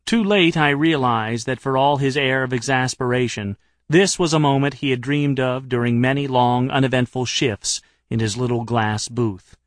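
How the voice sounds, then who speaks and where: A man's voice: mid-range voice, normal speed, dry recording. A man narrating an audiobook in a wry, dry-humored manner.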